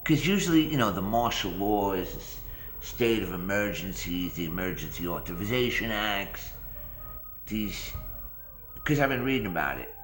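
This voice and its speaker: A man's voice: fairly low pitch, lively intonation, normal speed, echoey room, faint music behind. A man hosting a morning rant vlog, rambling and sarcastic, often repeating his phrases. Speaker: vlog host.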